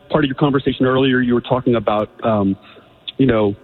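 Hesitant caller on a tinny phone line. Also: male voice, medium pitch, expressive, brisk, in a large hall. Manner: hesitant, lots of fillers, earnest. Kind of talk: call-in on talk radio.

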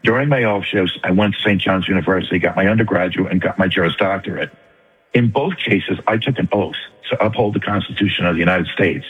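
A man's voice: sits low, breathy edge. Older New York man on a phone line. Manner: fast, earnest, eager to make his point. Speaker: caller. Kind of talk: call-in radio talk. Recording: tinny phone line with long reverb.

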